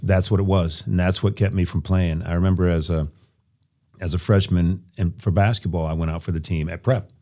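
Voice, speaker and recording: A man from Nebraska, a podcast guest, telling stories from his past in an animated way with an occasional laugh. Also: low-pitched, a little fast. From Nebraska, USA. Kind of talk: casual interview storytelling.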